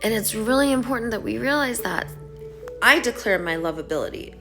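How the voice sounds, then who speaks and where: A woman talking to her viewers in a casual vlog, reading an email aloud slowly and then speaking in earnest affirmations. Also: a little high, animated, over music. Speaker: online creator reading out an email.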